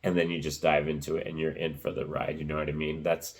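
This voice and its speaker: A man with a very low, deep voice talks through a movie review in a loose, rambling way. He keeps circling back with fillers, and his voice sounds rough and cracking. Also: level tone, quick pace. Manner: rambling, lots of fillers like "you know" and "like I said". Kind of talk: casual spoken movie review.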